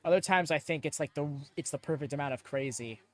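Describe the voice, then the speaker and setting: A young man hosting a live watchalong stream, chatting excitedly with many fillers and quick laughs on a close mic. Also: fairly high pitch. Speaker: watchalong host. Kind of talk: live reaction commentary.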